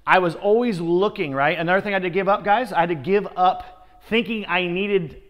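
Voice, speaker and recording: High-voiced man giving a motivational talk. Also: brisk, big-room sound, lo-fi sound. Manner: energetic storytelling, keeps addressing the audience as guys. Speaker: sales trainer.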